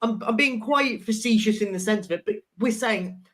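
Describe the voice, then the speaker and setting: A co-host joins a football chat and talks through a ranking step by step. His tone is measured and his pitch is middling. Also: fairly bright tone.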